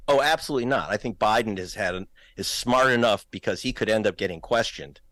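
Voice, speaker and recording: A man's voice: on the low side, quick pace, a bit bright, dry recording. Guy arguing politics on a talk show, punchy and pointed, dead dry sound. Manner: emphatic, pointed, rising when stressing points. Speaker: guest, filmmaker.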